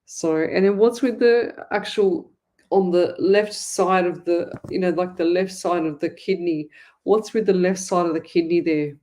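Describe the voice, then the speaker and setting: The host is an Australian psychic medium with a mellow, lowish voice and an unhurried pace. Running a live reading show, she chats to viewers in a rambling way with frequent restarts.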